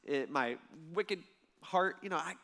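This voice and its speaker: A male pastor delivers a Sunday sermon with a fairly high voice. He tells the story vividly and jumps into the characters' lines as he goes. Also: measured pace, vocal fry. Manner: lively storytelling preacher, acts out voices in the parable.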